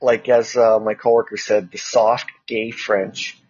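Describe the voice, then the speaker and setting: Slow, husky-voiced rambling man. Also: fairly low pitch, little pitch movement, darkish tone, dry recording, highs cut off. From Canada. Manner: rambling storyteller, full of fillers. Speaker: co-host. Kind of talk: casual chat.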